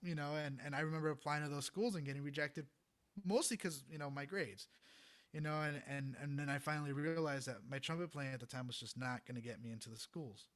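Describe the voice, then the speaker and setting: A young adult trumpet player, appearing as a podcast guest, tells a story in a rambling, animated way. His voice is a little high and fast, he laughs often, and he fills pauses with "you know" during this casual interview storytelling.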